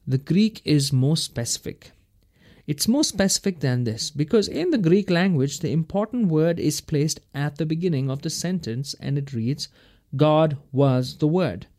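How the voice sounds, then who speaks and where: A man's voice: fairly high pitch, a little mellow. A man teaching verse by verse through a Bible passage in a folksy, emphatic way, chuckling between his points.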